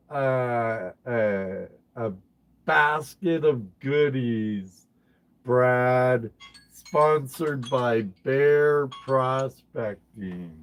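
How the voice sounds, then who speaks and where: A man hosting a casual livestream, chatting with viewers by name and often repeating his phrases. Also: medium pitch. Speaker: livestream host.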